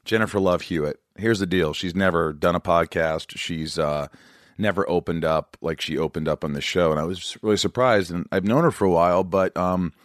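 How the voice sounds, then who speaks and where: Low-voiced joking man hosting a podcast. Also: fairly quick, no room sound, clean studio sound. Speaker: podcast host. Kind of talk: casual interview chat.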